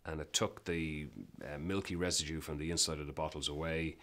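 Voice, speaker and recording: A man with a very low voice speaks as a guest in a relaxed interview. He tells his stories emphatically and animatedly, often breaking off and restarting his sentences. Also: fairly quick. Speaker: business guest. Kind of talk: casual interview storytelling.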